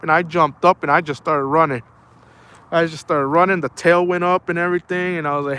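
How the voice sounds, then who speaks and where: Out by the water at night, a male outdoors streamer chats casually on a live stream while fishing, his voice on the high side, smooth, a bit bright and fairly even in intonation. He talks fast, rambling through stories and calling listeners "man" and "bro" constantly.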